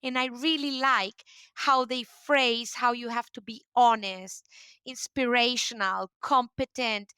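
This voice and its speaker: A woman's voice: fairly high pitch, steady tone, slow pace, pushed and bright, clean tone, dry recording. A woman with a Spanish accent, a guest in an interview, telling her story with enthusiasm and many fillers. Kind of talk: casual interview talk.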